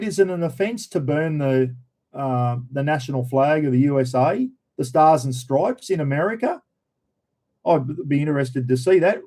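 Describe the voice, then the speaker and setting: Blunt Australian man, mellow voice. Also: on the high side, animated, normal speed, low-quality recording. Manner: blunt, opinionated, slangy. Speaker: livestream host. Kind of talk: casual chat reading viewer comments.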